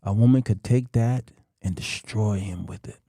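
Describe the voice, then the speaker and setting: A middle-aged man hosting a talk show, delivering a slow, emphatic monologue to men with long dramatic pauses. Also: lowish voice, dark tone, dry recording, clean studio sound.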